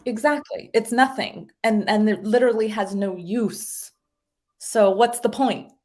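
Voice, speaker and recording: A woman talking as a guest, explaining ideas in a casual, animated way and acting out little voices as she goes. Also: a little high, a little slow. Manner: animated, acts out little voices in her stories. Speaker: guest speaker explaining identity.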